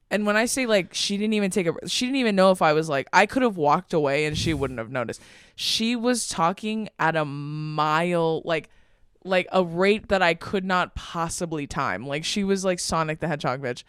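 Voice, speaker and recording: Casting: young woman podcast co-host, lively storyteller who laughs and swears, clean smooth voice, dry close sound. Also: lowish voice, normal speed, no echo. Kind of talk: casual chat.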